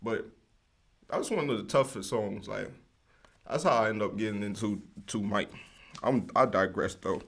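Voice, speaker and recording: A man's voice: fairly low pitch, moderate pace, vocal fry, long pauses, fairly bright tone. A young man from the United States hosting his own podcast, rambling in loose, slangy casual talk and drifting off topic often. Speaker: podcast host. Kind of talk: casual solo ranting.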